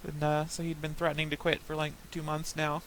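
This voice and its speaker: A woman's voice: low-pitched, monotone, a little fast, slight background noise, rough recording. A young woman in casual chat while playing a game, telling rambling stories with frequent laughs. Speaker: gaming podcaster.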